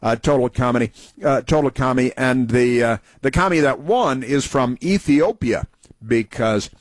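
An American man hosts a talk show and tells stories in a meandering, offhand way. He stops and restarts often and fills the gaps with "uh". His voice is middle in pitch and sounds dry and close to the mic. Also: a little slow, dry recording. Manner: meandering, many fillers and restarts. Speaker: talk radio host. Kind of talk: rambling conversational monologue.

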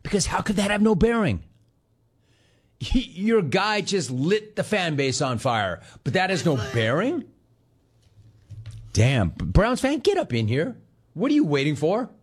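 A man hosts a sarcastic sports talk rant in a high-pitched, sing-song, slightly breathy voice, speaking at a measured pace with long pauses. He mocks the people he talks about, veering between shouting and mimicry.

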